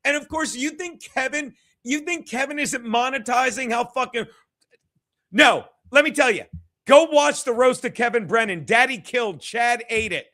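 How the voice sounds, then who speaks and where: Man, very high voice, bright tense tone, profane rambling rant, comedian streaming. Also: moderate pace. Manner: rambling, profane, combative, repeats himself. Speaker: stand-up comedian. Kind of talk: profane ranting stream commentary.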